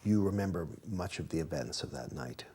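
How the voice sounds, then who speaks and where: A man's voice: very deep voice, expressive, brisk, mellow, husky. A man interviewing for a documentary, asking probing questions.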